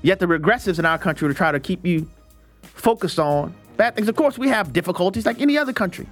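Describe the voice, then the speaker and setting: A host delivering opinionated commentary at a middling pitch. The talk is animated and rambling, full of restarts and asides. Each point is driven home with conviction. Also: quick pace, faint music behind. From United States. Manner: animated and digressive, with frequent restarts.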